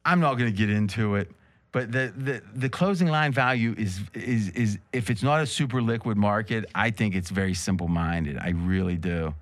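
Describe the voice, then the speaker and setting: A man's voice: lowish voice, moderate pace. A man hosting a casual sports betting talk show, joking and teasing his guests with rambling asides. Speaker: host.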